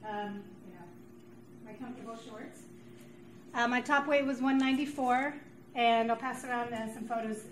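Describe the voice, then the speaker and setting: A woman giving a halting personal share at a recovery meeting, pausing and restarting often, recorded in a meeting room. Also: fairly high pitch, a little hiss or hum, low-quality recording. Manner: halting, many fillers and restarts.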